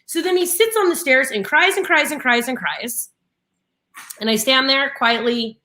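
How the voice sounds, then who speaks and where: A woman's voice: sits high, moderate pace. A woman in her thirties co-hosting a casual morning live show, telling stories animatedly with flashes of frustration. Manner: animated storytelling, frustrated and laughing. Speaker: live stream co-host.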